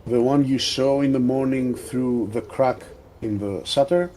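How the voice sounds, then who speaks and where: A man narrating a tabletop role-playing game as game master, in a slow, deliberate storytelling manner. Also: medium pitch, warm tone, slight background noise.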